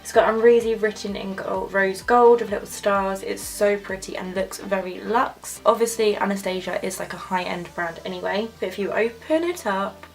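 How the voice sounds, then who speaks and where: A young woman gushing excitedly while talking through a makeup tutorial. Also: medium pitch, moderate pace, vocal fry, few pauses, soft background music. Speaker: makeup vlogger. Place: home filming setup with ring light.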